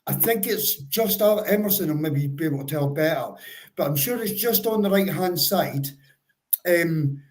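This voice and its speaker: A man's voice: on the high side, rough recording. A man co-hosting a fan livestream, chatting casually and giving step-by-step advice in a stop-start way. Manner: calls listeners bro. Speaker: co-host of a football fan livestream. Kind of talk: casual chat.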